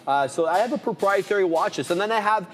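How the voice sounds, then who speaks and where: A man's voice: high voice, expressive, fast, fairly bright tone, in a large hall, faint music behind. A man co-hosting a live trading show, chatting casually and rambling through lists with filler words. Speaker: trader and co-host. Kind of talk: casual live market chat.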